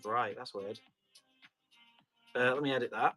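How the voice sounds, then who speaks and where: A man's voice: mid-range voice, unhurried, sharp tone, soft background music. A man hosting a live tool auction, chatting and laughing between items. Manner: chatty, laughs often, tries out accents. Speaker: auction host.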